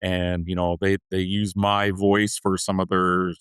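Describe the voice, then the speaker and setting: A man's voice: sits low, completely flat delivery, a little slow, fairly bright tone, clean tone, dry recording. A man guest on a podcast, chatting in an earnest, upbeat way with frequent restarts. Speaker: podcast guest, payroll leader. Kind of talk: casual interview chat.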